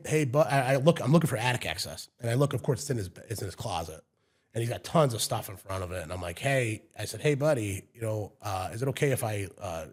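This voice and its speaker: A man telling stories in a relaxed, chatty way, guesting on a podcast as a home inspector. He gets animated and acts out the voices of people he met on the job. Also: on the low side. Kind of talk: casual storytelling.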